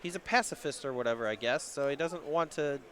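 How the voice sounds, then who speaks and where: A man from the American South gives color commentary on a card game, relaxed and full of joking asides. His voice is bright and a little high. He explains strategy in an easy, chatty way. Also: quick pace, slight background noise. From Southern United States. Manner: laid-back, joking analysis with asides.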